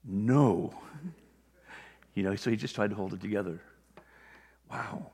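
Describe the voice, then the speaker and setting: A man delivers a sermon in an easygoing, conversational manner, his voice sitting on the low side. He slips into quick little character voices for the people in his examples. The sound carries a long reverb from a large sanctuary. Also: steady tone, creaky, husky. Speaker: pastor.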